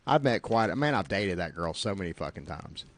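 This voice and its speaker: A man with a fairly low voice hosts a casual podcast. He talks bluntly and profanely, teasing his co-host with crude humor. He sounds middle-aged. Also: very animated, a little fast, a bit bright, no echo.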